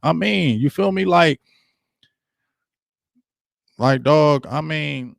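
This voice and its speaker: This middle-aged man's medium-pitched voice is gravelly yet clean in tone, at a normal speed, in a clean studio with no echo. Hosting a sports talk show, he delivers a fired-up, slangy, repetitive rant to his live chat.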